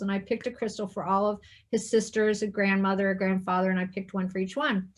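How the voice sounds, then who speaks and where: A woman hosting an interview, telling a personal story in a soft, hushed way and acting out the quoted dialogue. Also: medium pitch, steady tone, fast, hardly any pauses. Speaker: interview host.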